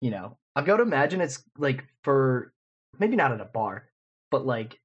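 Medium in pitch but with big pitch swings and a breathy edge, a man in his twenties talks at normal speed over dull audio. As a podcast co-host in casual chat, he rambles through a story full of fillers.

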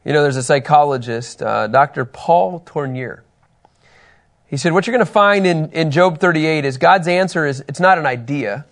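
A man teaching a Bible lesson to a group, reading scripture passages aloud and asking his listeners questions in an animated way. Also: fairly high pitch, normal speed.

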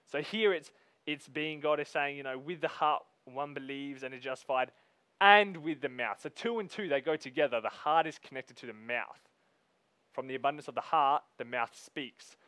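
A man preaching a sermon. He reads scripture slowly, then talks to the congregation in a casual, emphatic way. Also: medium pitch, fairly bright tone, no echo.

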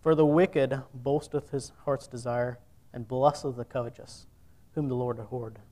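A man's voice: medium pitch, steady tone, normal speed, mellow. A man preaching a sermon, reading scripture aloud in old-fashioned wording and then speaking earnestly to the congregation.

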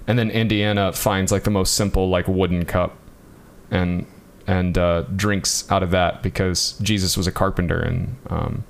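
A man's voice: deep voice, level tone, moderate pace, vocal fry. A man co-hosting a casual history podcast, talking loosely with many fillers and frequent laughs. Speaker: podcast co-host.

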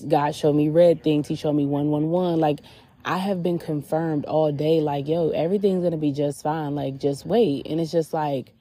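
A woman's voice: sits low, fairly even intonation, normal speed, mellow. A woman hosting a podcast, talking candidly and casually about her spiritual reflections, with lots of "like" fillers, sitting outdoors at a beach. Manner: candid, chatty, filler-heavy with frequent "like". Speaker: podcast host.

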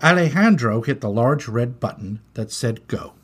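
A man reads a children's story aloud with big, animated swings in pitch. His voice has a husky, slightly breathy grain, and he leans into sound effects and action. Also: normal speed. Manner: expressive, animated.

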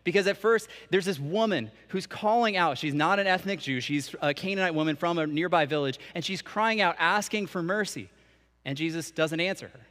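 Young man, sermon, conversational preaching, higher voice, echoing church hall. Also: brisk, a bit bright. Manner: conversational preaching with casual asides. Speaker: canon for student ministry, preacher. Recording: long reverb of a church hall.

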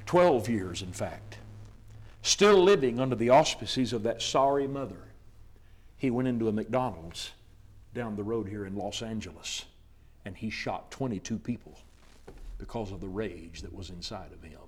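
A male preacher delivering a dramatic sermon, swinging from hushed storytelling to loud, emphatic declarations. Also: fairly low pitch, animated, moderate pace, husky.

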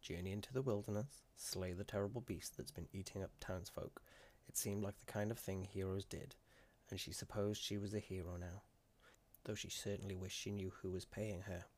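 A man narrating a fantasy story in a measured, deliberate way with dramatic emphasis. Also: low-pitched, steady tone, darkish tone.

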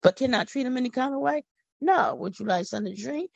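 Woman podcast host, gravelly and husky; fervent devotional preaching, dry close sound. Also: sits high, lively intonation, quick pace, no room sound, lo-fi sound. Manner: fervent, folksy, repeats words for emphasis. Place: home.

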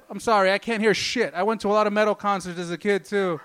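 Male stand-up comic, fairly high and smooth voice, profane, rambling, loose. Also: steady tone, a little fast, a bit bright. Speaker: stand-up comedian. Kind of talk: stand-up comedy set.

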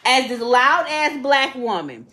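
Young woman, podcast co-host, lively swinging pitch, echoey room, profane casual chat. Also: measured pace. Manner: animated, profane, laughs often.

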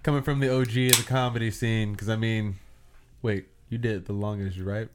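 A man chatting casually on a podcast, asking questions and rising into fast, emphatic rants. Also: fairly low pitch, steady tone, noisy background.

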